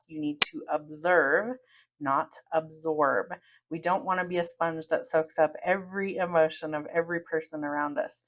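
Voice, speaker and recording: A woman with a notably low-pitched voice talks straight to her listeners as a podcast host. She speaks in an earnest, steady way, like someone giving advice from experience. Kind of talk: advice monologue.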